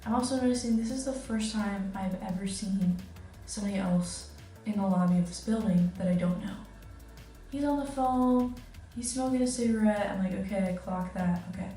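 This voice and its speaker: A woman's voice: mid-range voice, fairly even intonation, moderate pace, mellow. Chatty young woman in an echoey room. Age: young adult. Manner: chatty storytelling, many "like"s and giggles. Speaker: study-abroad student vlogger. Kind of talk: casual vlog chat. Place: kitchen indoors. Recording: echoey room, distant mic, faint music.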